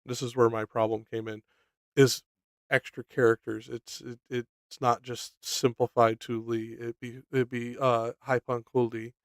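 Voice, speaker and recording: A man's voice: mid-range voice, smooth, no room sound. A man co-hosting a casual discussion, blunt and profane, laughing often. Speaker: co-host of a study stream.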